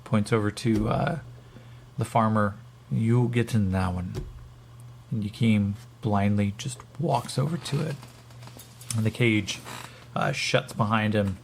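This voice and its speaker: A man with a gravelly voice narrating as game master, rambling with many fillers. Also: fairly low pitch, measured pace, slight background noise.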